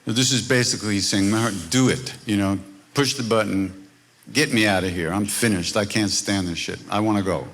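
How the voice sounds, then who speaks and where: A man's voice: lowish voice, moderate pace, gravelly, fairly bright tone, husky. A man teaching at a live retreat workshop, telling stories in a wry, conversational way and acting out the people in them. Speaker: spiritual teacher leading a workshop. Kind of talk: informal teaching talk with storytelling.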